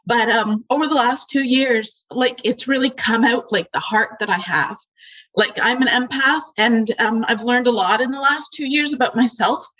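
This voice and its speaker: A woman speaks over a slightly muffled, dull call line, her voice a little high. She is emotional and close to tears, and she halts often with fillers as she pours out her thanks. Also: fairly bright tone. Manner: heartfelt, halting, many fillers. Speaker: audience member on a call. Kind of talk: emotional personal testimony.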